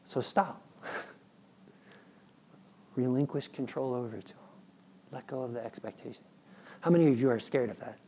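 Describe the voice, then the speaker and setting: A man in his thirties, a father, preaching a sermon in an animated, playful way and acting out his children's pleading. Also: medium pitch, normal speed, pauses often, a little hiss or hum. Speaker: pastor.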